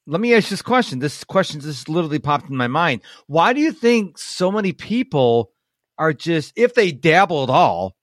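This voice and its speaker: A man's voice: a little high, dry recording, clean studio sound. A man hosting a podcast, asking questions in a casual way and rephrasing them as he thinks aloud. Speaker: podcast host.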